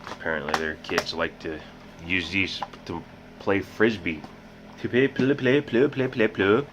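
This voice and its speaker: A man hosting a casual game collection vlog, rambling and making joking asides about himself. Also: deep voice. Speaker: host. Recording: muffled with loud background hiss.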